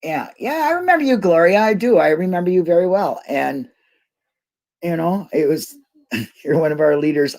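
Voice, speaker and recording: A woman's voice: lowish voice, animated, normal speed, darkish tone. Woman, casual livestream chat, rambling, laughs a lot, emotional. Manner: emotional, cries easily. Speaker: YouTube livestream host.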